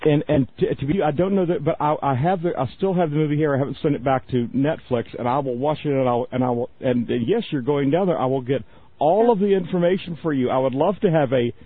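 Chatty husky radio host, man. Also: a little high, quick pace, no echo. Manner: chatty, rambling, laughs often. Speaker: radio talk show host. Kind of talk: casual radio call-in chat. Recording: narrow phone-like radio sound.

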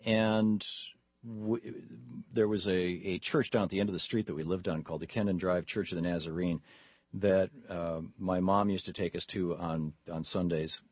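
A male talk radio host with a husky, somewhat low voice that rambles through his stories, restarting his sentences as he goes. The sound is dry and a little dull, with no room around it. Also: fairly even intonation, normal speed, no room sound. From Michigan, USA. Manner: rambling, storytelling with frequent restarts.

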